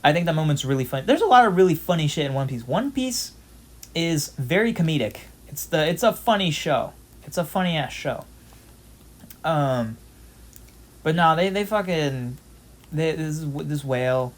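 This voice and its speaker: A man's voice: a little high, expressive, moderate pace. Rambling young man chatting over gameplay. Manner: rambling, filler-heavy storytelling with frequent "um" and "like"; loose, swears casually. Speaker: gameplay channel host. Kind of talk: casual gameplay commentary.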